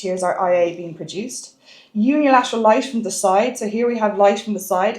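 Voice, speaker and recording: A woman's voice: mid-range voice, echoey room. A woman teaching a biology exam lesson, stressing key words and repeating points for the marks. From Ireland.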